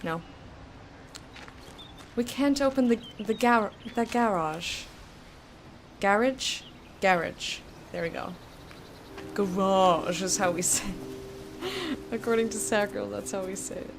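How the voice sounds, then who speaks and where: A young woman casually commenting while playing a video game, chatty and thinking aloud, with sudden bursts of excitement. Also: medium pitch, a little slow, long pauses, background noise. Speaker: let's play streamer.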